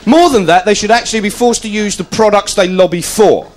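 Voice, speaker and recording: A male stand-up comedian telling sweary, animated stories onstage and acting out the voices of people in them. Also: high-pitched, brisk. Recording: loud background noise.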